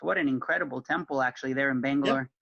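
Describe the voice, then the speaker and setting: A man's voice: medium pitch, very fast, gravelly, no echo, dull audio. A man in a casual chat who talks in a friendly way and laughs easily, heard over a call. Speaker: community member, guest.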